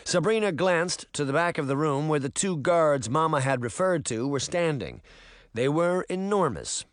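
A man's voice: a little high, animated, moderate pace, dry recording, studio quality. A man reading a storybook aloud, shifting his voice for each character. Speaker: audiobook narrator.

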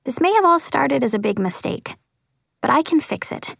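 A woman's voice: high voice, sing-song, moderate pace, creaky, fairly bright tone, no echo, studio quality. A woman reading a first-person story as an audiobook narrator, earnest and lightly voicing the dialogue.

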